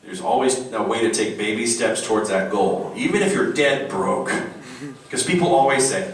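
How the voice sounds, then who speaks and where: Male voice actor on a convention panel, animated and playful, recorded from afar in a big echoey hall. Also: lowish voice, normal speed, recorded from a distance. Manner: animated, jokey, slips into silly voices. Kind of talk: casual panel talk.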